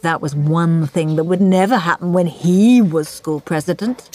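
A woman narrating a bedtime story in an expressive, dramatic reading style. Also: lowish voice, moderate pace.

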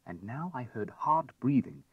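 Husky expressive male audiobook narrator. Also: mid-range voice, a little slow, no echo, phone-quality sound. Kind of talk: scripted narration of a classic tale.

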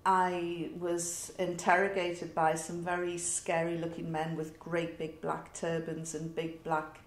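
Slow-talking northern English woman. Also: on the low side. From north of England. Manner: reflective, wry, with fillers and pauses. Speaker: interviewee. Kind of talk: telling a personal story. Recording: roomy echo.

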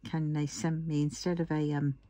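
A woman's voice: low voice, level tone, normal speed, mellow. A tired woman chatting in a rambling way while she works on a diamond painting, yawning and murmuring to herself. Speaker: craft vlogger.

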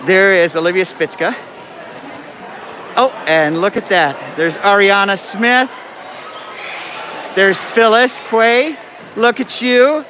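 A man live streams an event from a school gym indoors, joking with students and often apologizing. His voice sits high, and he speaks slowly with frequent pauses. Loud crowd chatter and noise fill the recording.

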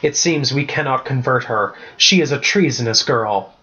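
A man's voice: medium pitch, animated, normal speed, pushed and bright, dull audio. A man voicing a huffy, bored girl soldier. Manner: huffy, grumbling.

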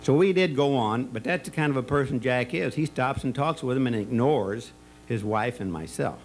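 In a party or banquet room, a man delivers a rambling, folksy retirement speech, joking and telling stories about someone he once worked with at school. His mid-range voice moves at a normal pace, with soft music playing behind him and poor audio overall. He keeps breaking off to restart sentences, sprinkling in plenty of fillers.

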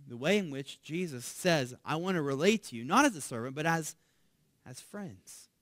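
Pastor guy preaching, kinda high voice, gets loud and worked up then goes real quiet on the big words, dry sound. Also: moderate pace, no room sound. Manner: conversational preaching, often asking "right?"; grows loud and animated when voicing Moses' pleas. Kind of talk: sermon.

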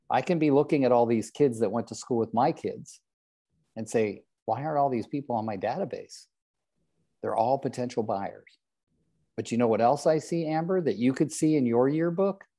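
An older man leads a real estate coaching session, his voice mellow and warm. He teases himself and singles out trainees by name, and his pitch sits in a middle range. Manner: joking, self-deprecating, calls on trainees by name. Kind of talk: live group coaching session.

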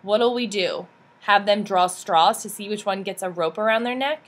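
A woman's voice: medium pitch, normal speed, lightly acted. A woman voicing a worried male official who talks frantically and urgently. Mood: frantic.

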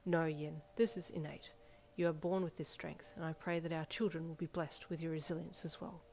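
A woman's voice: deep voice, level tone, moderate pace. A woman doing a stiff, solemn teenage schoolboy. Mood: earnest. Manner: formal, solemn, old-fashioned phrasing. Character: earnest formal teenage schoolboy, stiff and polite. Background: soft backing music.

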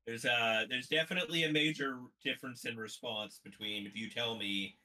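A man's voice: medium pitch, animated, brisk, hardly any pauses, sharp tone, poor audio. A man playing in a tabletop game, chatting casually and making his point emphatically with repeats. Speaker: player. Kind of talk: casual chat.

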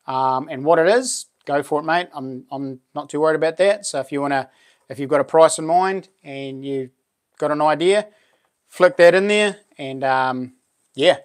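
Chatty New Zealand man, slightly high. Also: normal speed. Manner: chatty, thanks viewers warmly, lots of fillers and laughs. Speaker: livestream host and knifemaker. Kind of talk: casual live-stream chat.

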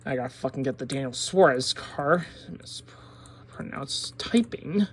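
A woman with a Pittsburgh accent giving a profane, exasperated product review, sliding from low muttering into loud outbursts. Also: fairly quick, breathy edge. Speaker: diecast collector reviewer.

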